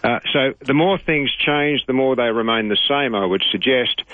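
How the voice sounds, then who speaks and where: A man's voice: medium pitch, normal speed, no room sound. Guy rambling thru a story on a phone call into a radio show, lo-fi tinny sound. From Australia. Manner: digressive, anecdotal, self-correcting. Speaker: interview guest.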